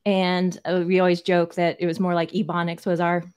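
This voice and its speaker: A woman's voice: fairly low pitch, monotone, a little fast, darkish tone, clean tone. A woman from Texas with a mild Texan accent, co-hosting an interview and chatting casually. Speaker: co-host.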